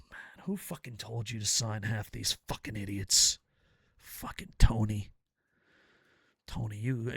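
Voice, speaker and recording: A man hosting a casual video review, ranting loudly and profanely in bursts of excitement. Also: on the high side, gravelly, no echo, clean studio sound. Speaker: wrestling reviewer and show host.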